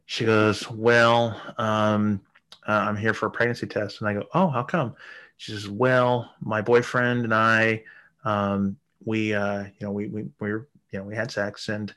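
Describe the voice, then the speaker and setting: A man's voice: on the low side, a bit bright. A man in his thirties telling a rambling, crude story in casual chat, swearing often. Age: 30s. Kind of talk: casual anecdote.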